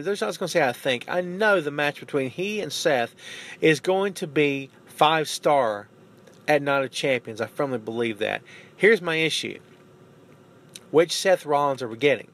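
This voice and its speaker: A man hosting a podcast, giving casual, opinionated wrestling commentary in an animated way, often tagging sentences with "man" and "you know what I'm saying.". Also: mid-range voice. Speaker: podcast host.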